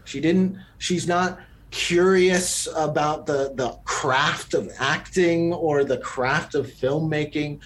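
A man's voice: on the high side, fairly even intonation, takes it slowly, few pauses, fairly bright tone, a little hiss or hum. A man co-hosting a podcast, giving his opinions in a casual film review chat and thinking aloud with frequent ums and restarts. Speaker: podcast co-host.

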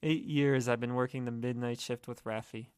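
A man narrating a scripted first-person horror story in a steady, measured way. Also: medium pitch, smooth, dry recording, clean studio sound.

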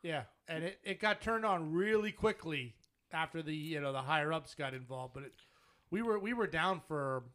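A man's voice: fairly high pitch, normal speed, bright, forceful tone. A man in casual chat, talking in a hesitant way with frequent restarts and wry jokes. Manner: hesitant, restarts often, joking.

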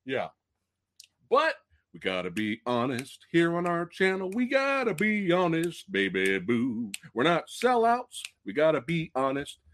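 Male livestream host with a lively, swooping voice, excitable and profane. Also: normal speed, hardly any pauses. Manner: excitable, profane, swings from loud outbursts to low mutters. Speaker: podcast host. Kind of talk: casual movie review livestream.

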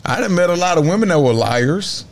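A man with a Louisiana accent, a guest in a casual interview, talking in slow, emphatic stories full of Southern slang. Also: sits high, expressive.

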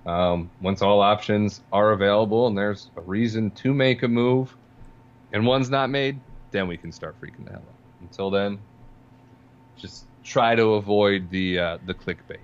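A man's voice: fairly low pitch, fairly even intonation, normal speed, muffled recording. A man co-hosting a casual sports podcast, dry and sarcastic, chuckling through his points. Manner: dry, sarcastic, laughs while talking. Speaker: podcast co-host.

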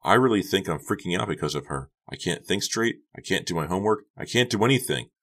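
A man voicing a high-strung, upset teenage girl who talks shrilly and anxiously in an audiobook. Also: animated, moderate pace, a bit bright. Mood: distraught. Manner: shrill and agitated. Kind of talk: audiobook character voice.

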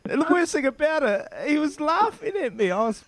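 A man's voice: very high-pitched, sing-song, brisk, fairly bright tone, dry recording. A man, a former rugby player hosting a casual interview, joking and matey.

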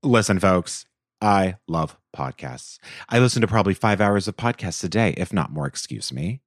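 A man's voice: deep voice, expressive, moderate pace, no room sound, studio quality. A man co-hosting a podcast in casual chat, playful and theatrical as he reads listener reviews aloud. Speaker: podcast co-host.

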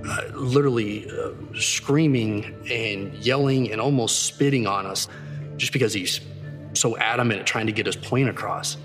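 A man's voice: fairly low pitch, normal speed, long reverb tail, music in the background. A man, a detective, earnestly recounting how he questioned a suspect, speeding up as he replays his questions. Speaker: detective interviewee. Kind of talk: recounting an interrogation in an interview.

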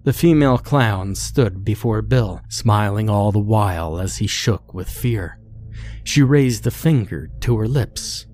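A man narrating a horror story in a slow, measured storytelling manner. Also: on the low side, lively intonation, a little mellow.

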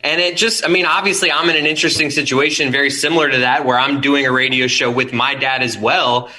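A man's voice: medium pitch, fairly even intonation, fast talker, bright, forceful tone, poor audio. A young man who hosts a radio show, speaking earnestly and sincerely. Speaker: radio host guest.

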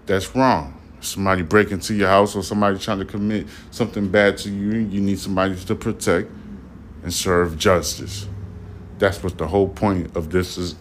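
A man's voice: sits low, steady tone, normal speed, slight background noise. Slurring, repetitive man commentating. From Brooklyn, New York. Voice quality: slightly slurred speech. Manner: repetitive, emphatic, rhetorical questions. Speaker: podcast host. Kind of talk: spoken news commentary.

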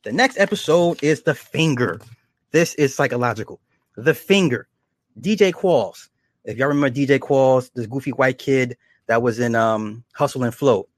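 A man casually retelling horror episodes, slipping into quick acted quotes and chuckles. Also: medium pitch, lively intonation, no room sound, clean studio sound. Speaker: show reviewer.

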